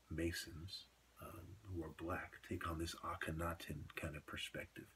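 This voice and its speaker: A man's voice: low-pitched, a little hiss or hum. A man talking straight to camera in a long, rambling monologue, dropping into whispers for asides. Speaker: video blogger.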